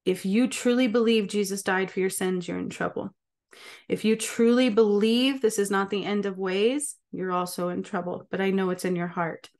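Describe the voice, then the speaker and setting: Speaking at normal speed with a medium-pitched, steady, somewhat dark voice, this spiritual healer and channel host addresses the camera casually. Her delivery is emphatic, punctuated by frequent rhetorical check-ins with her audience.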